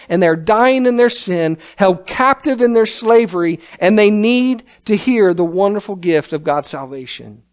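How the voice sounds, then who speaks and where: A man with a very high-pitched voice preaching a sermon in a church sanctuary. He reads scripture and speaks emphatically, rising to exclamations.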